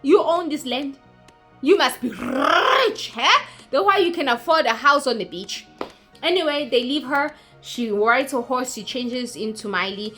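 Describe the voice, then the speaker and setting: A woman's voice: mid-range voice, fairly bright tone. A woman recapping a movie in a chatty, mocking way, acting out characters as she goes. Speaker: YouTuber.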